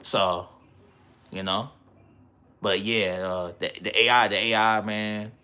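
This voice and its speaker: Bright-voiced rambling male streamer. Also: fairly low pitch, steady tone, slow, clean tone. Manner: rambling, slangy, laughs often. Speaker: livestreamer. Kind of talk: casual livestream chat.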